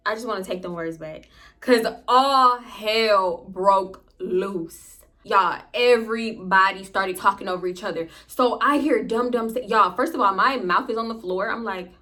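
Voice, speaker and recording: A woman in her twenties telling a dramatic personal story to her viewers in an animated, profane way. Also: medium pitch. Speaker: vlogger. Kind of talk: storytime narration.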